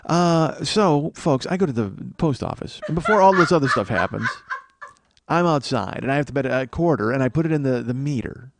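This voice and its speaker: A man's voice: a little high, expressive, a little fast. A man hosting a comedy podcast, telling a long rambling story in a profane, self-mocking way. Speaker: podcast host. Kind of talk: comedic monologue.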